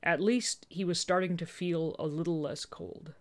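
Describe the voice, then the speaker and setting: Woman, story narration, gentle and earnest, lowish voice. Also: steady tone, moderate pace. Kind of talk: storytelling narration, fan dub reading.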